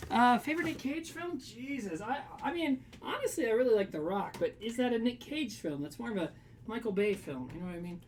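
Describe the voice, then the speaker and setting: A man's voice: very high voice, animated, moderate pace. Man, livestream host, casual rambling chat, joking, home kitchen, faint background hiss. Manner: rambling, jokey, reads chat aloud and laughs. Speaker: livestream host baking cookies.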